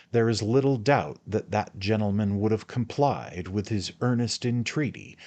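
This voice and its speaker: A man narrating a classic novel as an audiobook, with measured storytelling. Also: on the low side, darkish tone.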